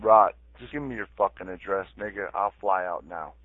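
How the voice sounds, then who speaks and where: A man's voice: sits low, normal speed, dry recording. A man ranting angrily and making threats in a heated voice chat, repeating himself over and over. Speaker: chat room user. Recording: tinny phone-like voice chat audio.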